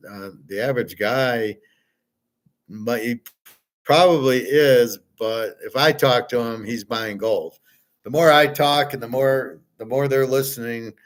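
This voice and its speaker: A middle-aged man giving casual, rambling commentary over a played video, blunt and joking. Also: mid-range voice.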